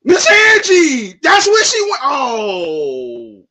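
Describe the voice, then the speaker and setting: Picture a young man streaming his reaction live, his bright, forceful voice swinging widely in pitch. He drawls along in slang, then suddenly bursts out shouting. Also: huge pitch swings, drawn-out words. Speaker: streamer reacting to a manga chapter.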